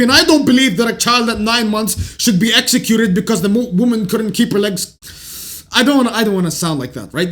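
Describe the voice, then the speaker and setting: A man hosting a self-improvement channel, delivering a blunt, profane, opinionated monologue that rises to shouts when heated. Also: high-pitched. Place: Canada.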